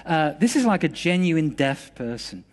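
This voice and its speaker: A man preaching a sermon, telling a story in a lively, conversational way with some restarts. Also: on the high side, normal speed.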